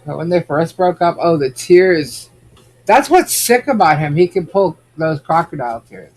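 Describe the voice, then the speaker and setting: A man's voice: fairly high pitch, lively intonation, normal speed, slight background noise. A man hosting a casual podcast, chatting and reacting to viewer comments. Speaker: podcast host. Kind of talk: casual gossip chat.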